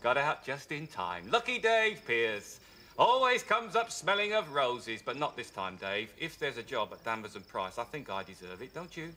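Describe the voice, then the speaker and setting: An actor playing a brash, needling former work rival who is loud, gloating and overly chummy. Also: male voice, medium pitch, sing-song, moderate pace, a little hiss or hum. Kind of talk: 1980s TV sitcom acting.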